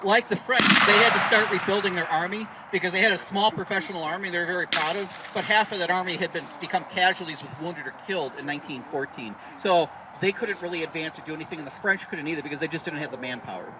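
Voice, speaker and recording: A man's voice: high-pitched, fast, few pauses. A man giving a rambling outdoor history talk at a re-enactment, with many fillers and restarts. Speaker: re-enactment presenter. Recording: distant outdoor recording with loud background noise.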